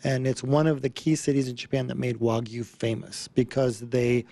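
A man's voice: mid-range voice, little pitch movement, normal speed, creaky, mellow. A man as a guest on a radio talk show, explaining his meat products in a conversational way. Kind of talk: radio interview.

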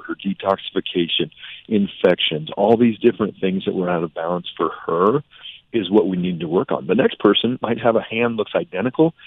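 A man, a functional medicine doctor, telling lively patient stories with lots of fillers as a radio show guest. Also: low-pitched, dry recording. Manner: animated storytelling with fillers. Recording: tinny phone-like radio audio.

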